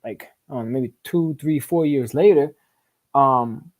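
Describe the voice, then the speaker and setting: Speaking a little slowly at medium pitch, this man is a podcast guest telling his life story in a casual storytelling interview. His talk is laced with profane street slang, frequent "right?" checks, and bursts of repeated words.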